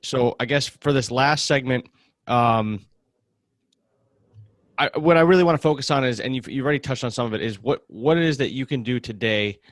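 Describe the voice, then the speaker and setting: A man's voice: medium pitch, no room sound, clean studio sound. A man hosting a podcast, asking long questions with many restarts. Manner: halting, restarts phrases while asking. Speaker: podcast host. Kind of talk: conversational interview questions.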